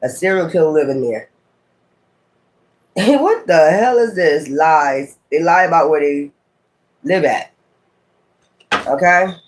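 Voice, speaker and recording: A man gives a loose, casual tarot reading, thinking out loud and breaking into sudden exclamations. He speaks, in a fairly high voice for a man. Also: animated, slow, pauses often. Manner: musing aloud, exclamatory asides. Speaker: tarot reader.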